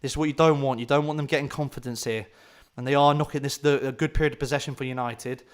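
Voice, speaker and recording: A man giving live fan commentary on a football match, excitable and swinging between shouting at chances and anxious muttering. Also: medium pitch, fast, smooth.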